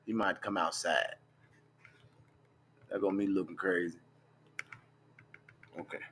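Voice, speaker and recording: A man's voice: sits low, steady tone, takes it slowly, a bit bright, slight background noise. A young man, talking bluntly and profanely in a casual livestream, scrolling through screenshots as he goes. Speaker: vlogger.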